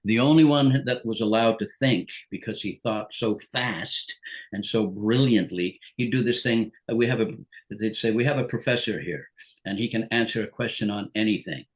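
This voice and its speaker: An older man, a guest actor on a rewatch show, reminiscing in casual chat and laughing often. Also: on the low side.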